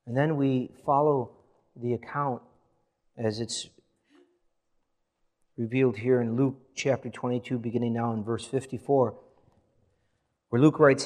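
A man preaching a sermon in a mid-pitched, slightly mellow voice lifts scripture readings with rising, dramatic emphasis. Between passages he eases back into a plain, earnest tone.

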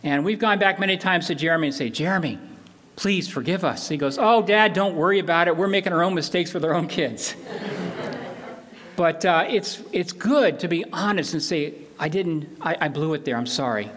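A man's voice: fairly high pitch, normal speed, a bit bright. Earnest older man preaching. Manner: earnest, emphatic, with repeated phrases. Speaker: pastor. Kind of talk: sermon.

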